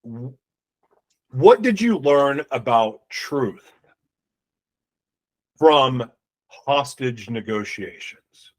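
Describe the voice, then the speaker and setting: Slow-spoken male podcast host. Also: mid-range voice, expressive, rough recording. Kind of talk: interview questions.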